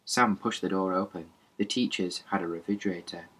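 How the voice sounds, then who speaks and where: A man's voice: low voice, steady tone, a little fast, a bit bright, breathy edge. A man reading a novel aloud as an audiobook, plainly, with small slips and restarts. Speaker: reader.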